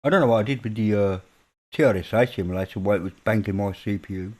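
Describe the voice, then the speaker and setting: A man's voice: medium pitch, normal speed, long pauses, a little mellow. A man with a northern English accent, rambling through a casual late-night livestream chat with viewers in British slang. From northern England. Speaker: livestream host.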